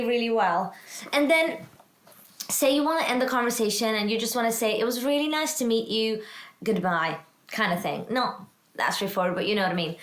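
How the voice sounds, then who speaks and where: Woman, language teacher, casual lesson, encouraging, slightly high voice, echoey room. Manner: encouraging, self-deprecating, slows down to model words.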